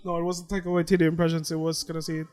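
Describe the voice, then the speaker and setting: A man's voice: fairly high pitch, monotone, darkish tone. A Filipino man hosting a casual podcast chat outdoors on a beach, joking and sarcastic. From Philippines. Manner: joking, quick to laugh, sarcastic. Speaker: podcast host.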